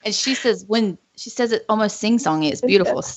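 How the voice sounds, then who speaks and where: A woman's voice: mid-range voice, fairly quick. A woman hosting a casual group livestream, chatty and rambling, often laughing between her words. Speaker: stream host. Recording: lo-fi voice call audio.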